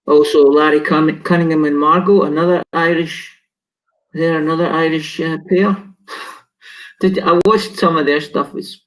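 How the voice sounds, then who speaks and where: A man's voice: a little high, steady tone, unhurried, low-quality recording. A man co-hosting a casual chat, rambling and laughing as he loses his train of thought. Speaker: co-host.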